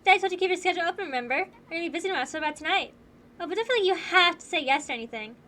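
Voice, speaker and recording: A woman's voice: extremely high pitch, lively intonation, pushed and bright, full character voice. Woman doing a brash, teasing mercenary woman. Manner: playful taunting, drawn-out words. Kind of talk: voicing game dialogue.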